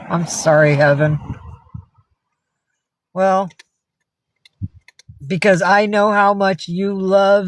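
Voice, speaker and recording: A woman from upstate New York chatting casually on a live stream. She talks warmly to her cats, swears freely and answers viewers' comments. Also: on the low side, dry recording. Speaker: livestreamer.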